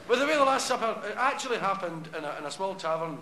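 A man's voice: high-pitched, big pitch swings, fast talker, hardly any pauses, a crowd in the background, noisy background. A man with a Glasgow accent doing live stand-up, telling a rambling story and laughing at his own jokes. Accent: Scottish (Glasgow). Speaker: stand-up comedian. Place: concert stage before a large audience. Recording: echoey live hall with loud audience.

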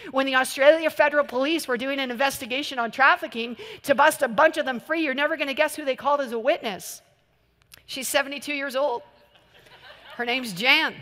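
A woman preaching a sermon, telling a story with humor and bursts of shouting. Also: sits high. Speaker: guest preacher. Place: church hall. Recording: long reverb of a large hall.

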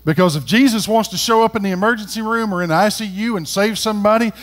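A middle-aged man preaching a sermon as pastor, folksy, swinging from quiet talk to loud, rising calls. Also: high-pitched, quick pace. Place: church sanctuary.

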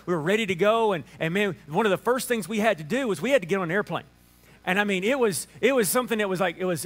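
A man in his thirties with a Southern Alabama drawl, preaching a sermon and telling a family story with lively restarts. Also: high-pitched. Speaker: pastor.

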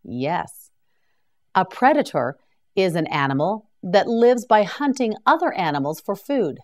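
A woman teaching English vocabulary as a slow scripted drill, pronouncing each word carefully for learners to repeat. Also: mid-range voice, very animated.

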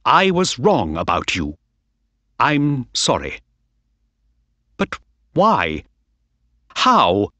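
A man voicing an excitable racehorse owner in a storybook reading, crying out loudly as his horse runs. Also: medium pitch, very slow, pauses often, no room sound, exaggerated voice. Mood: anxious. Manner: loud, excited cries. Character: excitable male racehorse owner, cold then thrilled.

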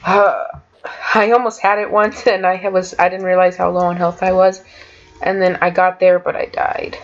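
A woman giving let's play commentary, excitable and quick to exclaim. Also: lowish voice, dull audio. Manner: exclaims often, giggly and excitable. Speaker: gamer playing an adventure map.

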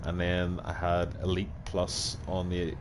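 Low-voiced Northern Irish man chatting. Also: monotone, noisy background. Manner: chatty, self-mocking, quick to apologise. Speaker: game streamer. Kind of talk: casual chat with viewers while playing. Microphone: gaming headset.

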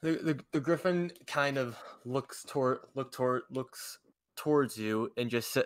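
A man narrating as dungeon master of a tabletop game over voice chat, halting and often restarting as he describes the scene. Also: mid-range voice, no echo.

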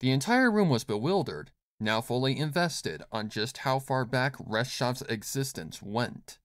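A man reads a fanfiction story aloud at a measured pace. His mid-range voice rises and falls a great deal as he narrates. The sound is dry, with no room around it. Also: medium pitch, dry recording. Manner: expressive, measured reading. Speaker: fanfiction reader.

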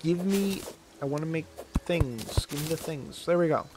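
This man's voice sits a little high and moves at a moderate pace, with noise in the background. He's a gaming channel host doing relaxed let's-play commentary, wandering off topic, teasing himself, laughing often, and groaning loudly when his character is hit.

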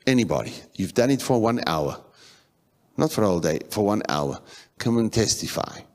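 A middle-aged man preaching in a church, talking conversationally and repeating phrases, with animated bursts. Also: lowish voice, moderate pace. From South Africa. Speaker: pastor. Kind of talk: sermon.

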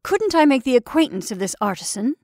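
A woman voicing a curious, polite young gentleman traveler who speaks eagerly and exclaims his questions. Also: high-pitched, big pitch swings, fairly quick, no room sound, clean studio sound, voice pushed up, full character voice.

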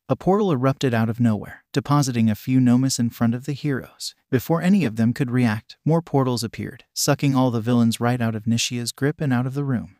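A man narrating a fan fiction story with a steady, even delivery. His voice sits at a middle pitch and is recorded dry and close, with no room sound. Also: a little fast, hardly any pauses, no echo.

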